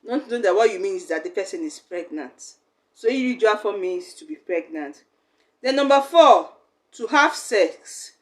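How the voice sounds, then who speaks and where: A woman's voice: mid-range voice, lively intonation, moderate pace. Chatty woman teaching language. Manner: chatty, acts out little quoted exchanges. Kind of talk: casual explainer lesson.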